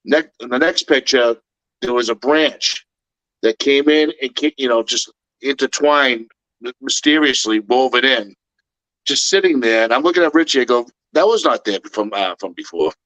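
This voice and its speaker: Rambling, halting male co-host. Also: medium pitch, fairly bright tone, no room sound, poor audio. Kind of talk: casual storytelling chat.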